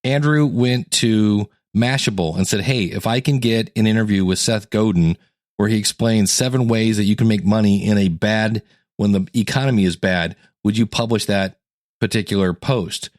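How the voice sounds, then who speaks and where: Low-voiced, chatty male podcast coach. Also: moderate pace, no echo, studio quality. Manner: conversational, acts out quotes with sudden jumps in pitch. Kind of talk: casual teaching podcast monologue.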